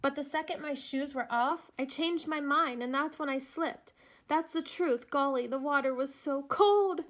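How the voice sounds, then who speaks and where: A woman's voice: sits high, a little slow, fairly bright tone, pitched above the performer's own voice. A woman reading aloud and voicing a timid, frightened young girl who talks in a pleading, apologetic, tearful way.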